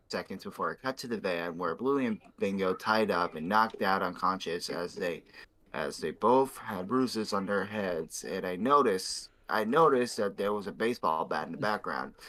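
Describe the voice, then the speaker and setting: A man's voice: on the low side, fairly bright tone, low-quality recording. A young man hosting, reading a fan fiction aloud with stumbling, swearing asides. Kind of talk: casual reading with commentary.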